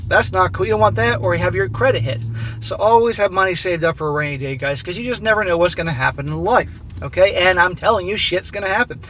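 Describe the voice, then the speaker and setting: A man in his forties, raised in Southern California, hosts an advice monologue. He talks bluntly and swears freely. His voice sits fairly high and has a bright, forceful edge. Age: 40s. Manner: blunt and profane, keeps addressing "guys". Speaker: advice channel host.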